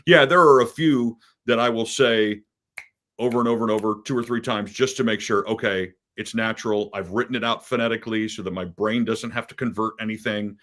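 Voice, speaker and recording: A man who works as a play-by-play announcer explains his habits in a relaxed, casual way. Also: fairly low pitch, a little fast. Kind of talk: casual interview answers.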